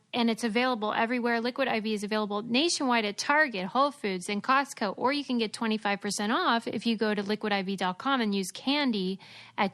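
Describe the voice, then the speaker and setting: A woman hosting a podcast, her voice a touch higher than most. She chats in a casual, even way and reads sponsor spots in the same easy, conversational tone. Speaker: podcast host. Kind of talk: casual chat with host-read ad.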